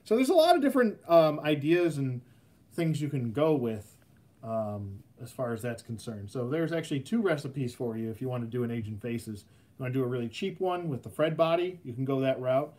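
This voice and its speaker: A man of middle pitch chats casually on his live stream. He rambles easygoingly, padding his talk with lots of ums and uhs. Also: lively intonation, brisk, darkish tone. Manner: rambling, filler-heavy, easygoing. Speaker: host of a live custom action figure stream.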